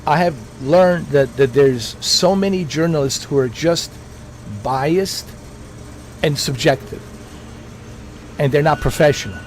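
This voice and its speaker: Man streaming, fairly high voice, rambling opinionated rant, faint noise behind. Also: a little slow, long pauses, poor audio. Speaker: gaming livestreamer. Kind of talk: casual livestream chat.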